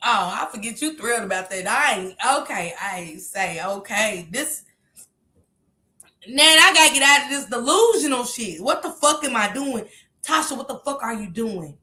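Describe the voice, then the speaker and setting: High, bright-voiced woman ranting on stream. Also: reverberant. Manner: heated, profane, shouting in bursts. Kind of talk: casual livestream rant.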